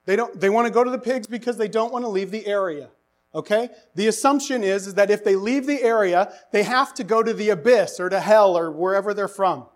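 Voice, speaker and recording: A man preaching a sermon, animated and asking the congregation rhetorical questions, his voice rising to near-shouts for emphasis. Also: sits high. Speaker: pastor.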